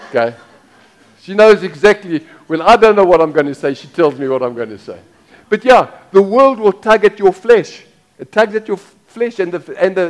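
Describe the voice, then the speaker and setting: High-voiced man preaching a conversational sermon. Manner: conversational preaching, asks the crowd questions, repeats phrases. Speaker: pastor.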